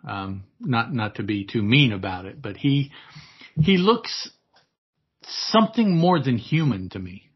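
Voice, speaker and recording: A man's voice: medium pitch, sing-song, a little slow, husky, lo-fi sound. A man chatting as a podcast guest, hesitant and repeating words as he thinks aloud. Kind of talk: casual chat.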